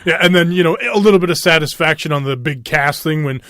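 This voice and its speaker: A man in his late thirties with a Minnesota accent chats as a podcast co-host, his voice sitting a little high. He rambles, trips over his own sentences and chuckles along the way. The sound is close and dry, with no room around it. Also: fast, a bit bright, dry recording. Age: 30s. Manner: rambling, self-interrupting, chuckling. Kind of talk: casual chat.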